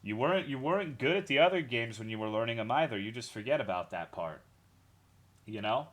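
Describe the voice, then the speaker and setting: A man's voice: medium pitch, lively intonation, brisk, a bit bright. A young man streaming a game, chatting casually with his viewers in a rambling way, swearing often and greeting chat by name.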